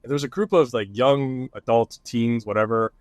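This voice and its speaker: A man's voice: mid-range voice, normal speed, no echo. Guy guesting on a podcast, bouncy storytelling, does the voices, dry close sound. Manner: animated storytelling with voiced quotes. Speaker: guest, online creator. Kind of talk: casual podcast chat.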